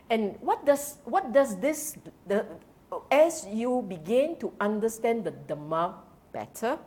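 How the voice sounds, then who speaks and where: A woman with a Singaporean English accent giving a Buddhist Dhamma talk to a congregation, quizzing the audience and dropping in colloquial particles. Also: medium pitch. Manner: animated, keeps quizzing the audience; drops in colloquial particles and laughs.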